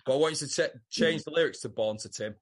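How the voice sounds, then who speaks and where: British guy riffing on a podcast, lively and sweary, acts bits out. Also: fairly high pitch, quick pace, breathy edge. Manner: animated, sweary, acts out scenes in put-on voices. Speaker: podcast co-host. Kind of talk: casual chat.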